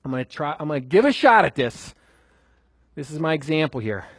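Husky man teaching a class. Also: a little high, very animated, a little fast, no room sound. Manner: conversational, asks the audience questions, repeats for emphasis. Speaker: Bible teacher. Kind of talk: teaching a class on Scripture memorization.

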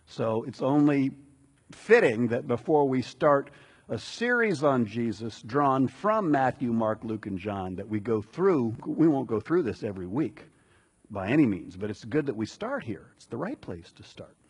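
A man delivering a conversational sermon as a pastor, relaxed and chatty with asides to the congregation. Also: medium pitch, unhurried, slightly rough.

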